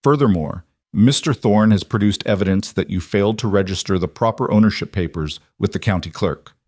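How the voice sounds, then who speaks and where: A man's voice: on the low side, fairly quick, darkish tone, no echo, clean studio sound, natural voice. A man reading a pompous, oily judge. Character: pompous scheming male judge, middle-aged and portly. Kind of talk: storybook character reading.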